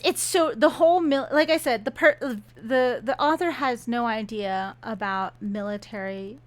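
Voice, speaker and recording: A woman's voice: on the high side, fairly bright tone. A woman reviewing a book in a sarcastic, exasperated rant, retelling the plot.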